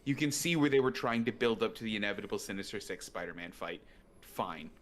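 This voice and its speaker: A man's voice: on the low side, fairly even intonation, quick pace. A man co-hosting a movie podcast, arguing his point with many "right?" check-ins. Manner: argumentative, builds a point with "right?". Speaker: podcast co-host. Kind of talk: casual movie review chat.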